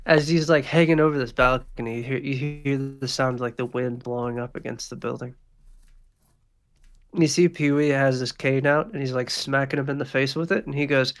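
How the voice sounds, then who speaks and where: A man's voice: medium pitch, fairly even intonation, normal speed. Casual man narrating as game master. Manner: casual, filler-heavy narration.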